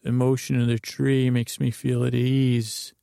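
A man voicing a smug male bird who used to be a grass salesman, in a mild drawling monotone. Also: medium pitch, measured pace, gravelly, clean tone, no echo, studio quality. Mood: smug calm.

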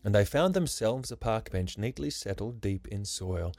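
A man narrating a rhyming story for his podcast, with a gentle, measured delivery. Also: lowish voice, lively intonation, no echo. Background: soft music.

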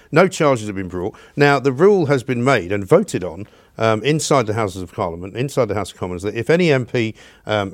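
Fast-talking blunt male radio host. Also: lowish voice, no echo, studio quality. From London. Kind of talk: opinionated podcast chat.

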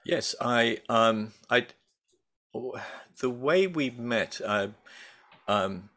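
A man's voice: medium pitch, lively intonation, drawn-out words, fairly bright tone. A middle-aged man talking as a guest in a casual interview, rambling and hesitant with many restarts and fillers. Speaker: guest, baker and food writer.

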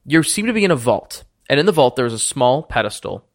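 A man narrating a tabletop game as dungeon master with lively, descriptive storytelling. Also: medium pitch, brisk, creaky.

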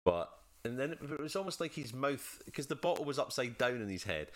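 A man co-hosting a casual film review chat, animated and laughing, acting out lines in silly voices. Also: mid-range voice, a little fast, no echo. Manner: animated, laughing, acts out quotes in funny voices. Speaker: podcast co-host.

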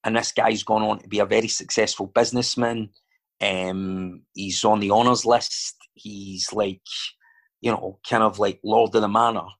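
A man's voice: fairly low pitch, flat delivery, normal speed, gravelly. A Scottish man chatting casually as a guest, telling stories and wandering off into digressions with lots of fillers. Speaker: actor and filmmaker guest. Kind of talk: casual chat.

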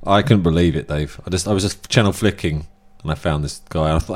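A low-pitched man chats casually on a comedy podcast. He rambles through anecdotes and backtracks as he goes. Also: fast. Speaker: podcast co-host.

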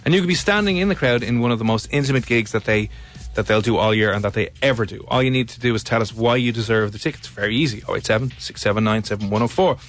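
A man hosting a radio show, upbeat and brisk as he talks to a caller. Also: mid-range voice. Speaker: radio host.

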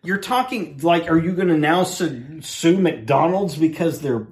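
Sardonic man with a lively voice. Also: on the high side, unhurried. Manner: sardonic, mock-pompous delivery. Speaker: co-host. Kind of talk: casual radio banter.

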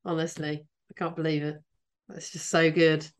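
A woman's voice: low-pitched, level tone, moderate pace. A woman co-hosting a podcast in casual chat, reacting with enthusiasm and laughing readily. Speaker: podcast co-host.

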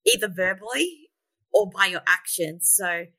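Earnest bright-voiced woman author guest. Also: mid-range voice, expressive, dry recording, poor audio. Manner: earnest, measured, with fillers. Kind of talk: interview answers.

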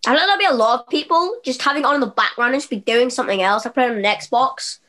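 A woman co-hosting a podcast, hesitant in casual chat and making deadpan quips. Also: fairly high pitch, racing. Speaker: podcast co-host.

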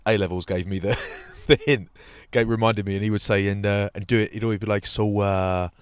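A man, co-hosting a podcast and telling casual, animated anecdotes. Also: lowish voice, quick pace, smooth, dry recording. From England. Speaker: podcast co-host. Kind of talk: casual chat.

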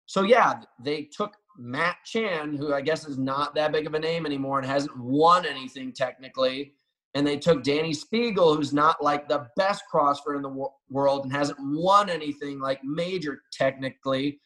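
A man and professional athlete talking as a guest on a casual podcast, telling animated, swearing, boastful stories. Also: on the high side, normal speed, rough recording. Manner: animated, profane, boastful storytelling.

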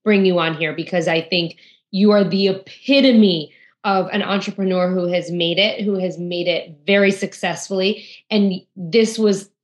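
A woman hosts an interview, her voice sitting a touch low. She talks quickly and affirms her guest, often restarting her sentences as she builds toward a question. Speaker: interviewer host. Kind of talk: conversational interview.

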